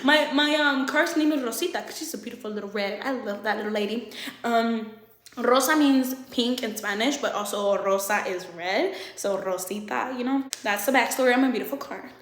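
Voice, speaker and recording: A young woman telling an animated, laughing story time full of swearing. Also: a little high, normal speed. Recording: roomy echo.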